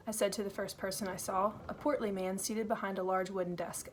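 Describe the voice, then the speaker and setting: A woman reading a first-person novel aloud, in an earnest, steady storytelling manner. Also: medium pitch, a little fast, few pauses, background noise. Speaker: audiobook reader.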